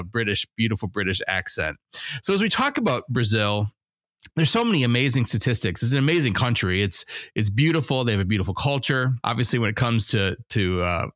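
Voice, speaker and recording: A man's voice: fairly low pitch, fairly bright tone, dry recording, studio quality. A middle-aged man hosting a podcast, chatting in a friendly, teasing way. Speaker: podcast host. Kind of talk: casual interview talk.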